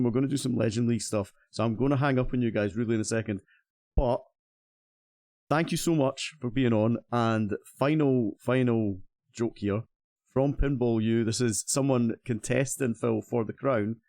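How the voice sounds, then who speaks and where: A man's voice: medium pitch, normal speed, darkish tone, dry recording, studio quality. Cheerful Scottish man hosting a stream. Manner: chatty, cheerful, stumbling restarts. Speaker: streamer host. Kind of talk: casual stream chat.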